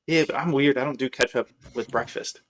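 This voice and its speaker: A man's voice: medium pitch, fairly quick. Rambling man telling casual stories. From Michigan. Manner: rambling storyteller, many fillers. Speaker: podcast host. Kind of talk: casual chat.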